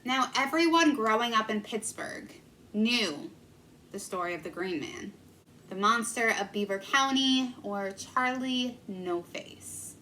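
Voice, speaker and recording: A woman's voice: a little high, lively intonation, takes it slowly, sharp tone, slight background noise, poor audio. A young woman in her twenties, a vlogger telling a local legend in a casual, earnest and emotional way. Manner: earnest, emotional, filler-heavy. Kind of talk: casual storytelling.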